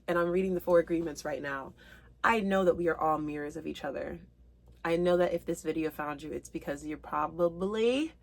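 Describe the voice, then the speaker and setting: A woman with a somewhat low voice gives a spiritual tarot reading straight to her viewers. She speaks earnestly and with open emotion, slowing down to read each card's meaning aloud. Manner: reads card meanings aloud slowly. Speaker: tarot reader.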